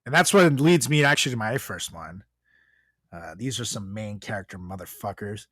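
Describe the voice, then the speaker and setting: A man's voice: lowish voice, expressive, normal speed, a bit bright, no room sound, studio quality. A young man co-hosting a podcast, ranting in casual chat, swearing freely and laughing often. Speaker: podcast co-host.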